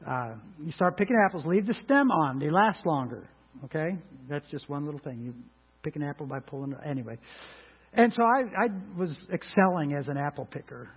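High-voiced earnest male preacher. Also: expressive, fairly quick, breathy edge, phone-quality sound. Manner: earnest, swings between emphatic and quiet. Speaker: pastor. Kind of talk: sermon.

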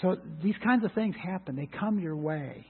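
Middle-aged male pastor, sermon, earnest, husky voice, thin narrow radio sound. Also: sits high, expressive, moderate pace. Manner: earnest, swings between emphatic and quiet.

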